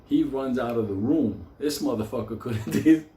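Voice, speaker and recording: A man's voice: moderate pace, roomy sound, a little hiss or hum. A man telling a wild story in a comic, profane way, swearing constantly and laughing as he talks. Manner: shouts acted quotes in a high voice.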